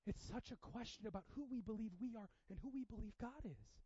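Impassioned high-voiced male pastor. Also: a little fast, slightly rough, dry recording, lo-fi sound. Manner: impassioned, swings from hushed to loud. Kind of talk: sermon.

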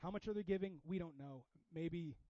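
A man preaching a sermon in a casual, animated way, with sudden loud bursts. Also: a little high, normal speed, no echo, dull audio. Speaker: pastor.

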